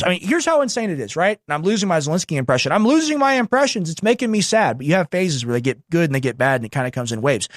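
A man hosting a show, reacting to news clips with sarcastic, mocking political commentary and telling the producer when to pause. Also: a little high, big pitch swings, no room sound, studio quality.

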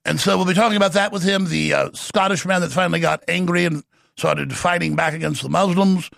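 A middle-aged male talk host who rants with bombast and scorn. His voice is strongly gravelly and sits a little high, recorded dry and close in a studio. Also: steady tone, fairly bright tone, dry recording. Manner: bombastic, fast-talking, scornful. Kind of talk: ranting talk radio monologue.

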